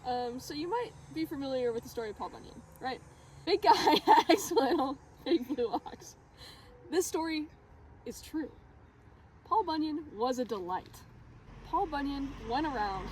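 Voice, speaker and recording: A woman improvising a mock-serious tall tale, deadpan and often breaking into laughter. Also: high-pitched, moderate pace, pauses often, a little hiss or hum, rough recording. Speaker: storyteller.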